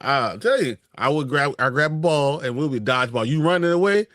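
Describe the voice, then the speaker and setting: A man's voice: fairly high pitch, lively intonation, brisk, fairly bright tone, no room sound, clean studio sound. A man co-hosting a casual movie news stream, joking around and laughing often. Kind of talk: casual chat.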